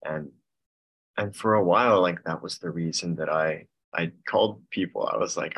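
A man in his twenties sharing at an online support meeting over a video call, earnest and halting, with nervous laughs. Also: deep voice, vocal fry, fairly bright tone, slightly rough, poor audio. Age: 20s. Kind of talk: casual personal share.

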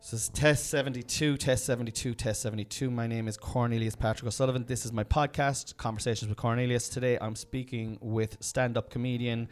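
A man's voice: medium pitch, fairly even intonation, a little fast, few pauses. A middle-aged man hosting his own comedy podcast at home, talking in a rambling, self-mocking way full of fillers. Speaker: podcast host and stand-up comedian. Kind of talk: casual podcast chat and mic tests. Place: room at home.

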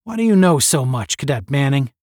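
Sarcastic space-cadet captain, read by a man, deep, clipped and lively in pitch, bone-dry sound. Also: fairly quick, no room sound, close to an everyday voice. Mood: stern. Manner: barking, clipped commands. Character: stern male space academy captain, cold and sarcastic.

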